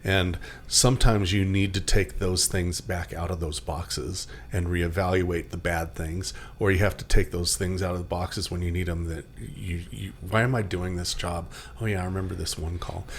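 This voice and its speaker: Low-voiced guy rambling through an ems story, lots of ums, faint room hum behind. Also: steady tone, normal speed, hardly any pauses. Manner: rambling with fillers and restarts. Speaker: paramedic podcast co-host. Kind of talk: casual storytelling.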